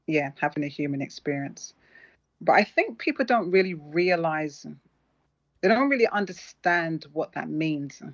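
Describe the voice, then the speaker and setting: A woman's voice: low-pitched, expressive, measured pace. Woman telling a story, muffled. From London. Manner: earnest, reflective, with restarts while recounting. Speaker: author guest. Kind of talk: personal storytelling in an interview. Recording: muffled lo-fi audio.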